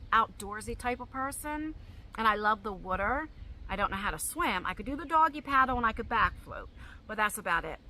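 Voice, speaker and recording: A woman's voice: medium pitch, sharp tone, slight background noise. A woman vlogger answering viewer questions in a casual, rambling chat full of fillers. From New Jersey, US. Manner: chatty, rambling, frequent fillers. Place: at home.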